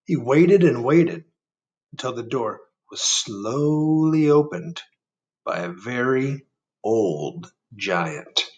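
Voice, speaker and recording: A man, a first grade teacher, reading a picture book aloud and chatting gently with children, asking them questions as he goes. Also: mid-range voice, animated, slow, distant mic. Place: indoor room.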